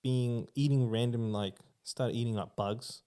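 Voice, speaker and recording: This time the Australian guest sounds warm and steady, mid-range and a little slow. He chats loosely on the podcast, wandering through spooky stories with frequent swearing and filler.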